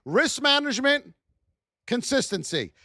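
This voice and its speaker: A man hosting a live trading lesson, firing rhetorical questions at his chat in a high-energy, hype-driven way. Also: very animated, a little slow, pushed and bright, no echo, clean studio sound. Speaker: trading educator hosting a livestream.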